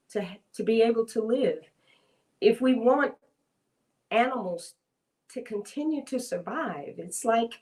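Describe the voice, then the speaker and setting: A woman's voice: mid-range voice, a little mellow, rough recording. An older woman giving a heartfelt, emphatic speech at an online rally over a video call, sometimes repeating words as she searches for them. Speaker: guest speaker.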